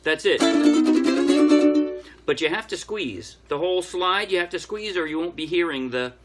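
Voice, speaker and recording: Playing along as he goes, a man teaches an easygoing ukulele lesson one step at a time. His voice is on the high side and animated, at a normal speed, with music and ukulele playing behind him.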